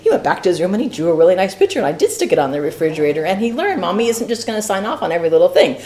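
A woman teaching a church Bible study class, talking in a lively, playful way with frequent laughs and asides. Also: on the low side, rapid-fire.

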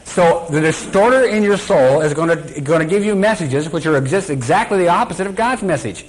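A male Bible teacher delivering a sermon in a slightly higher voice. He keeps turning questions back to the congregation and slips into little acted voices. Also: lively intonation, fairly quick, poor audio. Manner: quizzes the congregation, acts out quotes.

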